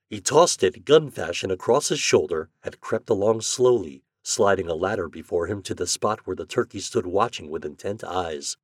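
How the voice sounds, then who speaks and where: A man narrating an old holiday story aloud in an expressive, lively manner. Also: sits low, normal speed, no room sound, studio quality. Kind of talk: storybook reading.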